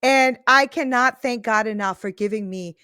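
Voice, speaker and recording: A woman in her thirties hosts a faith-centred podcast in a casual, heartfelt way. Her voice sits a little high, and she keeps checking in with the listener. The sound is dry and close, with no room around it. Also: normal speed, bright, forceful tone, clean tone, dry recording. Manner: earnest, emphatic, often tag-asks "right?". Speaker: podcast host.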